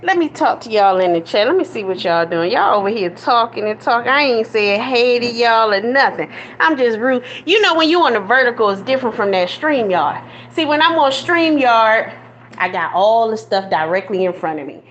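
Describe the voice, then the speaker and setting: A woman's voice: on the high side, animated, moderate pace, a bit bright, muffled recording. A middle-aged woman with a Southern American accent talks to her live chat in a sassy, playful way. She ribs her viewers and answers their comments as she goes. Her voice comes through a phone she holds in her hand. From northern United States. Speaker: live-stream comedy host. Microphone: phone held in hand.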